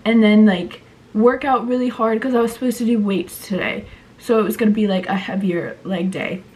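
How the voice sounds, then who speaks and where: A woman in her twenties chatting casually to her camera in a vlog, rambling with lots of "like" and restarts while her throat is sore and her voice sounds off. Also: medium pitch. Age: 20s. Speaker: vlogger. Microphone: handheld compact camera.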